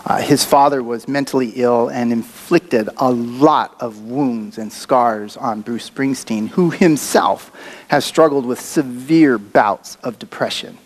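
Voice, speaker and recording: A man's voice: mid-range voice, slow. A man preaching a sermon as a pastor, talking in a conversational, reflective way with occasional fillers.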